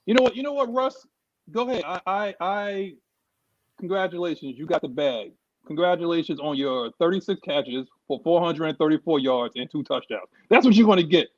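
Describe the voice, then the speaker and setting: High-voiced fired-up man from New York. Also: normal speed, dry recording, lo-fi sound. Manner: emphatic, fired-up, repeats himself. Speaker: sports show co-host. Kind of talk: heated casual sports talk.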